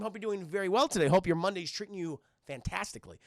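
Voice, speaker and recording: A man's voice: sits high, quick pace, no echo, studio quality. A man recapping a cartoon episode on a live stream, rambling and cursing while he talks to the chat. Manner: rambling, profane, addressing chat.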